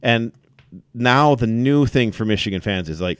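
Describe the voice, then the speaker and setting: A man co-hosting a casual sports podcast, telling events in an animated way with many fillers. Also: medium pitch, normal speed, dry recording. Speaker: podcast co-host.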